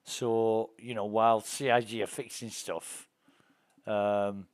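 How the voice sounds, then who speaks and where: A middle-aged man streams a space game, chatting casually and telling rambling, profane, indignant stories. His voice is fairly low and level, with a slow pace and clean tone, in a dry recording.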